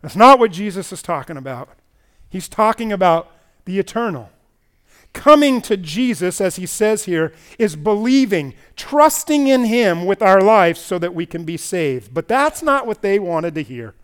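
A man preaching a sermon as pastor at a church service, swinging between loud emphatic stretches and quiet low passages. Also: very animated, moderate pace, smooth.

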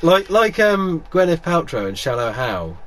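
A man co-hosting a podcast, swearing freely and setting up his stories in animated casual chat. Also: on the high side, measured pace, very noisy. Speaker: podcast co-host.

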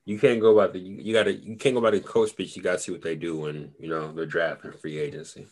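A man with a low, deep voice talks in relaxed, casual podcast chat. He rambles easily and leans on fillers as he makes his points. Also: quick pace. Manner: laid-back, rambling, lots of "you know". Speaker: podcast co-host. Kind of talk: casual fantasy football chat.

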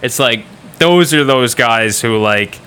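A man's voice: mid-range voice, takes it slowly, sharp tone, slight background noise. A man, a podcast guest, rambling through stories in casual chat and asking "you know what I mean".

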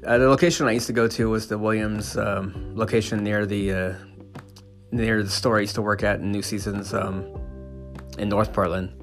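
A man's voice: fairly low pitch, steady tone, normal speed, faint music behind. Profane, stammering man ranting. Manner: profane, stammering restarts and fillers. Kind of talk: casual opinion rant.

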